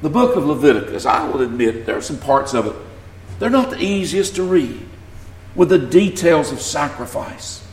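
Southern-accented man, sermon, high-pitched voice, echoey room. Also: animated, moderate pace, a little hiss or hum. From Southern United States. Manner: earnest, rising to emphasis on scripture. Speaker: pastor.

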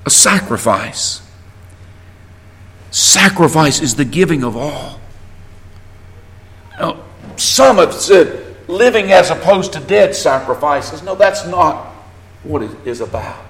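Southern man preaching, high voice. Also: lively intonation, takes it slowly, long pauses, a bit bright, reverberant. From Southern United States. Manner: earnest, rising to emphasis on scripture. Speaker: pastor. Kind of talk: sermon.

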